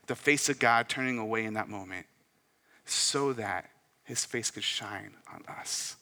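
Bright-voiced male pastor preaching. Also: on the low side, measured pace, long reverb tail. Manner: swings from loud emphatic peaks to soft hushed asides. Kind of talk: sermon.

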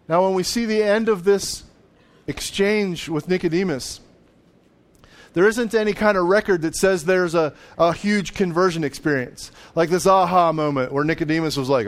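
A man's voice: high-pitched, moderate pace. Conversational male pastor preaching. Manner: conversational, acts out voices of biblical figures, with laughs. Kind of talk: sermon.

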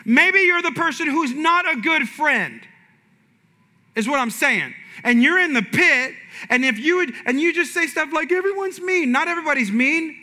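A man preaching a sermon, animated and shifting from loud punches to hushed asides. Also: very high voice, normal speed. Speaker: pastor. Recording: reverberant hall.

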